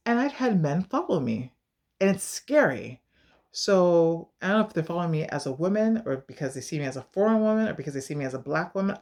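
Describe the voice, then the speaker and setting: An American woman talks straight to the camera in a casual advice vlog. Her voice sits low but swings widely in pitch as she tells stories and acts out the voices of people she quotes. She is emphatic and direct. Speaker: vlogger giving advice.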